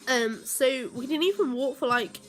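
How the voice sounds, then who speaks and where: A woman's voice: high-pitched, normal speed, faint music behind. A young woman telling a rambling story to her vlog viewers, with many fillers and heated bursts. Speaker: vlogger.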